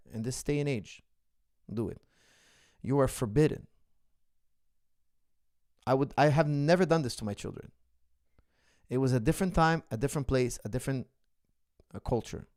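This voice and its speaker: Gravelly-voiced man coaching on a livestream. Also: medium pitch, a little mellow. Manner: emphatic, joking storyteller. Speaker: martial arts coach. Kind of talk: livestream Q&A chat.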